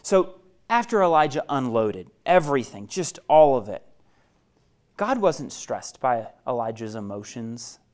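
A man delivers a sermon in a mid-range voice. His delivery is expressive and chatty, and he drops from forceful emphasis to a soft, hushed near-whisper to make a point. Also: medium pitch. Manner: conversational asides to listeners. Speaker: pastor.

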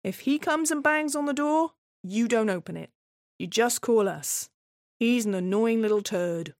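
A woman's voice: fairly high pitch, unhurried, no room sound, studio quality. A woman voicing a reassuring female police officer who is soothing and matter-of-fact.

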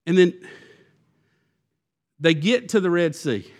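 A man preaching a sermon, animated and acting out the Israelites' complaints in quoted voices. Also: high-pitched, slow pace. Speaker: pastor.

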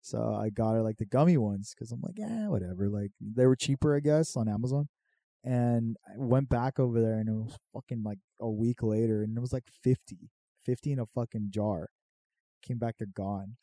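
A young man telling a funny story in casual chat, animated and profane, often laughing. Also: medium pitch, moderate pace, no echo.

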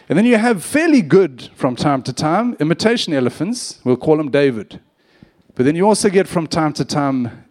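A man preaching a sermon, opening with a cheeky personal story and acting out the voices in it. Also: on the high side. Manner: animated storyteller, acts out quotes, cheeky humor. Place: church.

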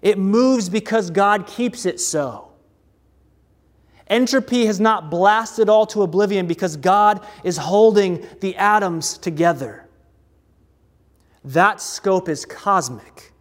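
A man preaching a sermon in a slow, deliberate way, with dramatic pauses and repeated refrains. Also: sits high, big-room sound.

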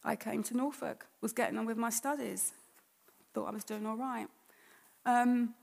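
A woman's voice: a little high, steady tone, normal speed, creaky, pauses often, a little mellow, big-room sound. A woman giving a personal testimony at church, telling her story conversationally and acting out her own past thoughts and words.

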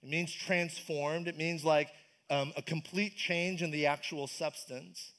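Pastor, male, high-pitched; loose conversational preaching, keeps asking the room questions. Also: fairly even intonation, a little slow, fairly bright tone. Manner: casual, enthusiastic, asks the congregation questions. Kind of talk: conversational sermon. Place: church service.

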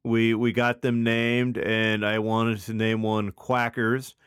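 Smooth-voiced relaxed male podcast host. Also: fairly low pitch, slow, dry recording, clean studio sound. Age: adult, has children. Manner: rambling, filler-heavy, relaxed. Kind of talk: casual chat.

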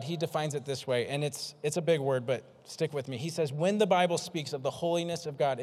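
A male pastor delivers a lively sermon, pitched a little high for a man, often repeating words to drive a point home and poking fun at himself. His voice rings out with a long reverb, as in a big church hall. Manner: energetic, self-deprecating, repeats words for emphasis.

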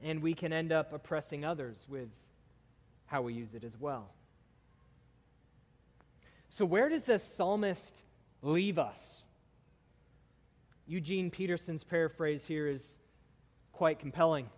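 A man's voice: a little high, expressive, takes it slowly, long pauses, a little mellow. A man preaching a sermon, emphatic and building intensity through his lists. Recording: long hall reverb.

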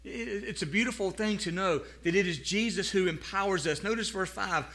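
High-voiced bright earnest male preacher. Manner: earnest, stumbles and repeats words, slows down for scripture; asks the congregation to respond aloud. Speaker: pastor. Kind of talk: sermon to a live congregation.

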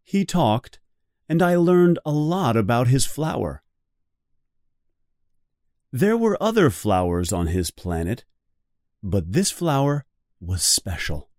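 Man reading a story for learners, very slow, lively pitch, close dry sound. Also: no echo. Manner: very slow, clear and expressive. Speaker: reader of a graded story for learners.

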